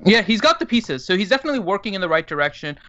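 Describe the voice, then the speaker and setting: A man co-hosting a casual gaming chat, relaxed and agreeable as he weighs team options. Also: high-pitched, rapid-fire. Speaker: co-host. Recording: dull lo-fi audio.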